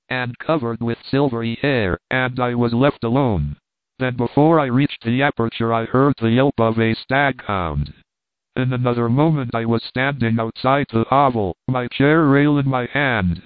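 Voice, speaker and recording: A man reading an adventure novel aloud as a measured storybook narration. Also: mid-range voice, dry recording. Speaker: audiobook reader. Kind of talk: scripted narration. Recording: dry, tinny phone-like sound.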